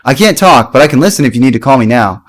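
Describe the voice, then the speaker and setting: A man acting out an understated young male friend at university, reading chat messages in a flat, low-key manner. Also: quick pace, close to an everyday voice. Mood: deadpan. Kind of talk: comic reenactment of chat logs.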